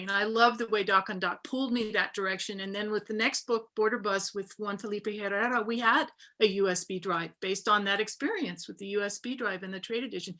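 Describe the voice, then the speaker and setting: A woman's voice: a little high, brisk, sharp tone. A woman, a book artist, talking reflectively in a panel over a video call, with many fillers and restarts. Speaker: book artist giving a talk.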